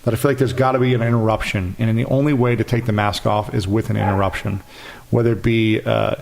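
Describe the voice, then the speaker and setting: A man's voice: on the low side, quick pace, creaky. A man in his thirties, a podcast guest talking earnestly and telling stories about himself. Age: 30s. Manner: earnest, animated storytelling with acted quotes. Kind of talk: casual interview conversation.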